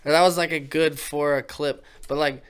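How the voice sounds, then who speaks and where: Smooth-voiced young man. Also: on the high side, fairly even intonation, normal speed. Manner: chatty, searching for words as he explains. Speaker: podcast co-host. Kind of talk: casual chat.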